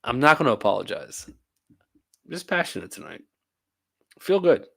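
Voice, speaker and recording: A worn-out man rambles on his live stream, chatty and quick to laugh. His pitch sits in an ordinary middle range. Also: sing-song, creaky, fairly bright tone, breathy edge. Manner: rambling, tired and talkative, laughs often. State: tired. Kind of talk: casual live-stream chat.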